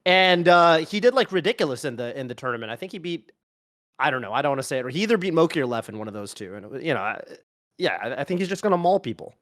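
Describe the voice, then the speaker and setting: A man's voice: on the high side, lively intonation, fast talker, fairly bright tone, no echo, clean studio sound. A man on a panel talk show, rambling and hesitant as he thinks aloud. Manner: rambling, hesitant, many fillers and restarts. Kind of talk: casual panel chat.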